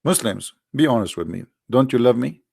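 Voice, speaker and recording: A man hosting sarcastic religious commentary, mocking and repetitive, in halting non-native English. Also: medium pitch, expressive, vocal fry, darkish tone, dry recording, clean studio sound. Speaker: religious debate host.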